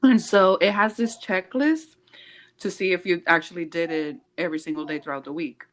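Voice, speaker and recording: A woman co-hosting a podcast in casual chat, animated and laughing often, slipping in Spanish phrases. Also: on the low side, moderate pace. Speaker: podcast co-host.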